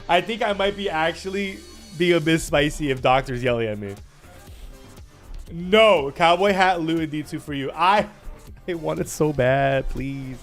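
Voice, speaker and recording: Young man, fairly high voice, teasing livestream banter, faint music behind. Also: measured pace. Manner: playful, teasing mock rants at chat. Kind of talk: casual livestream chat.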